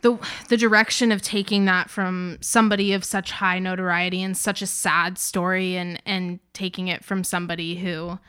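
A woman's voice: fairly low pitch, little pitch movement, normal speed, hardly any pauses, bright, forceful tone, clear, resonant tone, dry recording, clean studio sound. A woman from the American South co-hosting a podcast, chatting about music in a laid-back, agreeable, slangy way. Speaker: podcast co-host. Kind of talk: casual chat about music.

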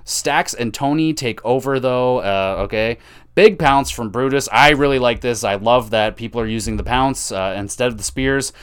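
A young man hosting a podcast, casually recapping a wrestling show with profane, rambling, self-mocking asides and sudden bursts of excitement. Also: mid-range voice, normal speed, clean tone. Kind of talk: casual solo recap commentary.

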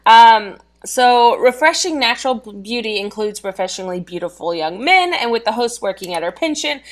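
A woman's voice: on the high side, lively intonation, normal speed. Laughing woman recapping an anime. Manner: reads a summary, laughs often, stumbles on words. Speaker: podcast co-host recapping an anime. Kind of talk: casual chat recap over a video call.

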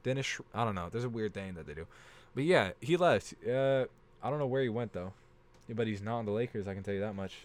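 A teenage boy co-hosting a casual sports podcast, animated and prone to stumbling over player names. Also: on the low side, fast talker. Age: teens. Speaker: podcast co-host.

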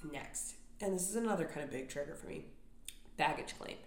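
Profane and exasperated, a young adult woman delivers a comedic solo rant on her podcast. She speaks briskly in a low-pitched, expressive voice, recorded with a podcast microphone in a roomy, echoing space.

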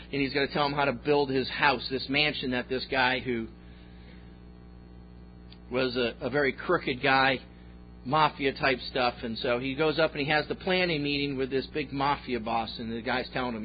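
A man pastor preaching a sermon with folksy storytelling and jokes, on a slightly dull recording. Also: medium pitch.

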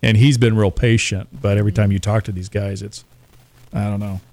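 Rambling self-mocking DJ. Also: male voice, on the low side, flat delivery, a little fast, darkish tone, dry recording. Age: 40s. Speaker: radio DJ guest. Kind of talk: casual podcast chat.

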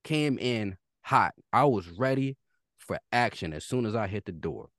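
A young man co-hosting a casual podcast, swinging between loud outbursts and low reflective talk. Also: expressive, measured pace, dry recording, clean studio sound. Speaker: podcast co-host.

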